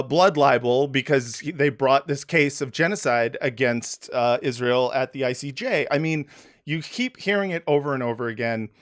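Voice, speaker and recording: A man hosting a podcast in casual, sarcastic comedic chat, with lots of fillers. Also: a little high. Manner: sarcastic, animated, filler-heavy. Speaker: podcast host.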